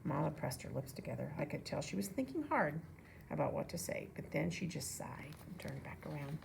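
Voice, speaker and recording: Woman reader, low gravelly voice, relaxed storybook reading with asides. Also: brisk, slight background noise. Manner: relaxed, with casual asides to listeners. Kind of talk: reading a children's novel aloud.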